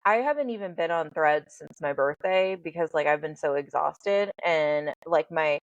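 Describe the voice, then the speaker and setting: At a normal speed and in a deep voice, the podcast host, who works as a life coach, tells animated stories, cursing freely and speaking bluntly and candidly. The audio is dry and dull.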